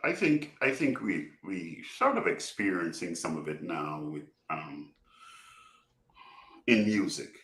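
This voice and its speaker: A man chatting in a thoughtful, hesitant way, pausing to search for words. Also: low voice, sing-song, fairly bright tone, echoey room. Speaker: guest. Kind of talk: casual chat.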